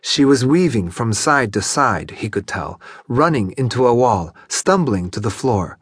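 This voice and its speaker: A man narrating a literary novel as an audiobook, in a measured, expressive storytelling manner. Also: medium pitch, breathy edge, no room sound, studio quality. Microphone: studio microphone, close.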